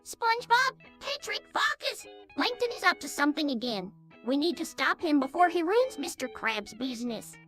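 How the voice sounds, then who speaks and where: A woman's voice: high voice, big pitch swings, normal speed, fairly bright tone, soft background music. An AI voice clone voicing an eager undersea cartoon character who rallies her friends emphatically. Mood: urgent. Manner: rallying, emphatic.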